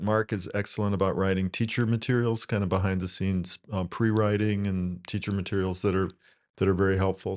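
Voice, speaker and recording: A man with a fairly low voice talks loosely about his work in a casual interview. He rambles a little and often breaks into laughter. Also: a little mellow, clean tone. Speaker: guest, net prov creator.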